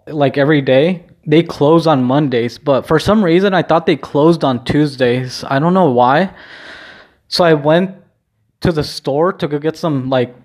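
A man's voice: on the high side, darkish tone. Rambling, casual man talking at home. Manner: rambling, hesitant, swears casually. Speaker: vlogger. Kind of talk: casual chat. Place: at home, indoors.

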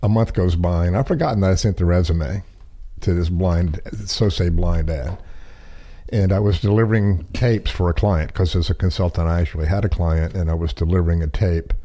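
Man, middle-aged, deep voice, casual rambling storytelling, self-deprecating, folksy. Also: fairly quick, dark tone. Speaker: podcast guest.

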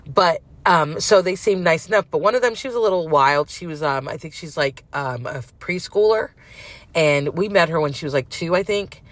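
A woman's voice: deep voice, lively intonation, moderate pace, dry recording. A middle-aged woman telling a long personal story in a casual, frank, rambling way with many fillers.

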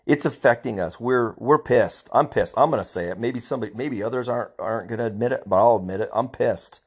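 A middle-aged police officer rants angrily on his own podcast, hammering his points and repeating himself. His medium-pitched voice has a slightly rough edge.

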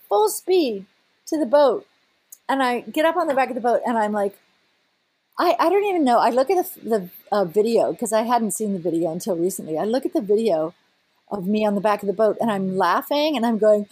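An older woman, a scientist, animatedly recounting a personal story in an interview with a husky voice. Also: fairly high pitch. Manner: animated, breaks into laughter and restarts. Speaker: scientist guest.

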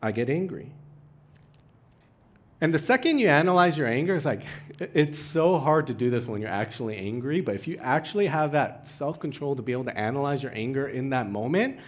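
This young pastor's sermon moves briskly in a mid-range voice. He's animated, pushes his voice upward for emphasis, and throws in jokes at his own expense.

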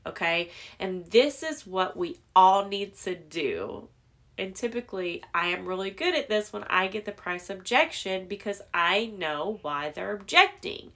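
A woman's voice: medium pitch, a bit bright. A young adult woman hosting a podcast alone, talking candidly and reflecting on herself in a casual, conversational way with many fillers. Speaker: podcast host. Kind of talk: casual solo podcast monologue.

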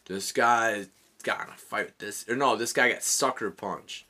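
Podcast host guy, bright punchy voice, swears a lot and laughs thru his story. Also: lowish voice, normal speed. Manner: animated storyteller, swears freely, laughs through his stories. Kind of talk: casual storytelling chat.

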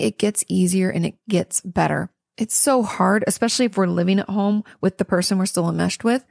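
A woman's voice: mid-range voice, creaky, a little mellow, dry recording, studio quality. A woman therapist answering listener questions in a casual, earnest, encouraging way, with frequent ums and restarts. She sounds tired. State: tired and yawning. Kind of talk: casual advice monologue.

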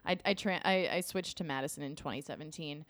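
A woman's voice: low voice, fast, a bit bright, no room sound, studio quality. A woman co-hosting a podcast in casual chat, talking in a laughing, chatty way. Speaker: podcast co-host.

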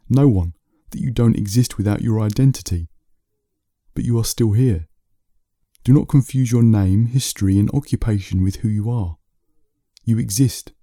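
A man voicing a calm, wise male lion who speaks gently and with quiet amusement in a bedtime story. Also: on the low side, no room sound, clean studio sound. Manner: calm, unhurried, gently teasing.

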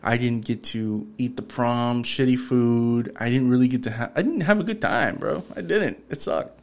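A man's voice: medium pitch, moderate pace. A man in his thirties from Texas, hosting a podcast and telling stories in a casual, profane way, acting out the lines he quotes. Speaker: podcast host. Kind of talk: casual storytelling chat.

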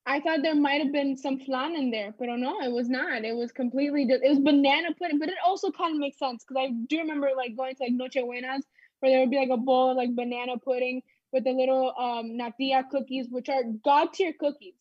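A woman's voice: high voice, fairly even intonation, brisk, husky, no room sound. A British woman hosting a casual chat, chatty and teasing, laughing often. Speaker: podcast host. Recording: dull lo-fi dry mic.

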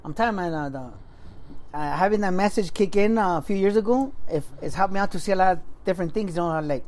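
A podcast co-host in casual chat who rambles with lots of "you know" and "like" and swears freely. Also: female voice, mid-range voice, fast talker, darkish tone.

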